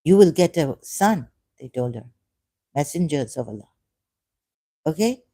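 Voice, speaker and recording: A woman from Pakistan talks in a rambling monologue, her voice mellow and warm. She drifts between quiet asides and sudden emphatic bursts, repeating phrases, recorded dry and close with no room sound. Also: sits low, sing-song, a little slow, no room sound. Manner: digressive, repeats phrases, shifts from soft asides to emphatic raised outbursts. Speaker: ex-Muslim speaker sharing his views.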